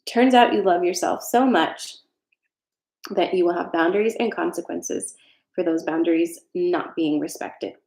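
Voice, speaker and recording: A woman's voice: on the low side, a little slow, creaky, a little mellow. A woman hosting a casual live talk, speaking frankly and chattily, swearing freely and reading out viewer comments. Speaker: host. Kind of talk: casual live talk about self-care. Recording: roomy echo.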